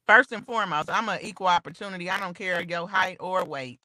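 A woman's voice: on the low side, fairly quick, sharp tone, no echo. A woman co-hosting a podcast in a playful, teasing way, drawing out her words for effect. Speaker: podcast co-host. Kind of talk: casual chat.

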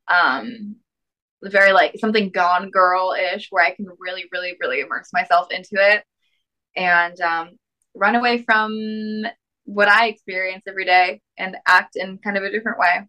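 Bright-voiced young woman with a lisp. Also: mid-range voice, low-quality recording. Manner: chatty, upbeat, frequent fillers. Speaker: podcast guest. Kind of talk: casual interview chat.

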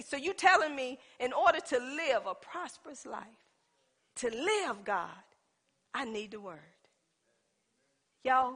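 A woman preaching a sermon, talking with the congregation and swinging from loud exhortation to soft asides. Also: fairly high pitch. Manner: conversational, calls out to the congregation.

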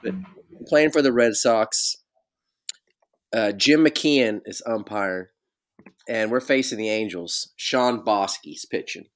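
A man's voice: fairly low pitch, slow, long pauses. A middle-aged man, a podcast host and former ballplayer, telling stories in a casual chat and often laughing. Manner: animated storyteller who breaks into laughter.

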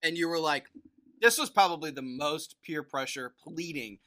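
A young man co-hosting a podcast, telling stories in a rambling, animated way with lots of fillers. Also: a little high, normal speed. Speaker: podcast co-host. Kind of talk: casual chat.

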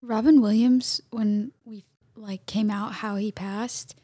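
A woman's voice: medium pitch, steady tone, takes it slowly, warm tone, breathy edge, no echo, studio quality. A woman in casual podcast chat, speaking earnestly and reflectively.

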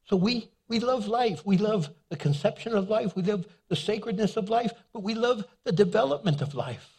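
A man delivers a lively sermon, slipping into little acted scenes and joking as he goes. His voice sits a touch high and carries a husky edge. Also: normal speed. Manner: animated storytelling, acts out little scenes and voices; jokes and laughs as he preaches. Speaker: pastor. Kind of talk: humorous sermon.

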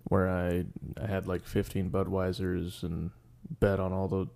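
A man's voice: sits low, monotone, measured pace, gravelly, a little mellow. A young man telling a rambling, profane story on a casual podcast as its co-host.

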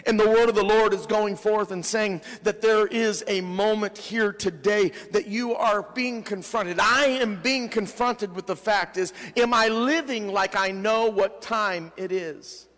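A man, a pastor, preaching a sermon with emphatic delivery, dropping low and soft at the ends of phrases. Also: measured pace, few pauses, in a large hall. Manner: emphatic preaching, rising in pitch on quoted lines.

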